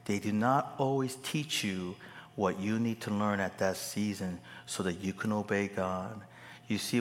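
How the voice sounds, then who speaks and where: Male pastor, unhurried and humorous, rising to forceful preaching in a big echoing hall. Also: lowish voice. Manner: storytelling with humor, building to emphatic preaching. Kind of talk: sermon.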